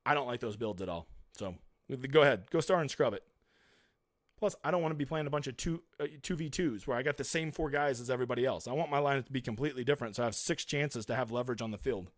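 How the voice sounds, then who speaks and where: A man's voice: medium pitch, fast talker, no room sound. Man, streamer, casual chat, reads and answers comments, blunt, dry close sound. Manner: chatty, reads viewer comments aloud and answers them; emphatic and blunt. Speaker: live stream host.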